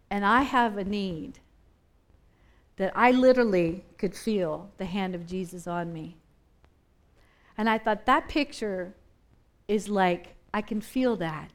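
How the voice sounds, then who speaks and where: A woman preaching a sermon, impassioned and repetitive, building up and easing back in intensity. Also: mid-range voice.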